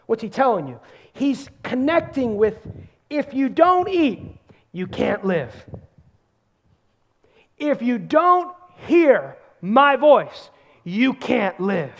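A man preaching a sermon, emphatic, repeating words for stress and swinging between loud bursts and hushed asides. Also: very high-pitched, very animated, takes it slowly, pauses often, dull audio.

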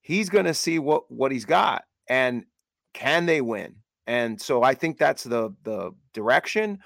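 A man co-hosting a casual sports podcast, talking in a measured way as he reasons through a point. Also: medium pitch, animated, vocal fry, fairly bright tone, no echo, clean studio sound. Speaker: podcast co-host.

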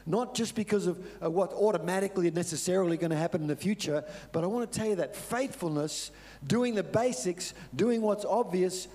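A man's voice: on the high side, darkish tone. A middle-aged Australian man preaching a sermon, telling a story earnestly and pressing points home by repetition. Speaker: pastor.

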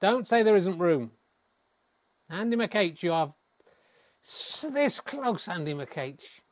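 A man's voice: high-pitched, expressive, slow, no echo. A man voicing a pompous royalist commentator who scolds indignantly and stumbles over titles.

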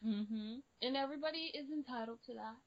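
A woman's voice: on the high side, a little fast, highs cut off. A woman co-hosting a casual chat, playful and teasing, laughing often. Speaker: podcast co-host.

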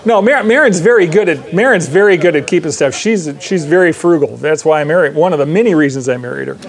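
A man's voice: a little high, animated, fast. A man preaching a sermon as pastor, mixing scripture reading with conversational, joking asides to the congregation.

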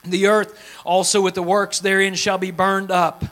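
A man preaching a sermon to his congregation, pleading fervently and swinging between loud cries and hushed, low passages in a folksy style. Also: level tone, normal speed. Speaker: pastor. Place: church sanctuary before a congregation.

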